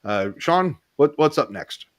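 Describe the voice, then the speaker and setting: A man's voice: fairly high pitch, big pitch swings, a little slow, no echo, studio quality. A man co-hosting a live podcast over a video call, agreeable and prone to stammering restarts. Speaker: podcast co-host. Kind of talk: casual live podcast chat.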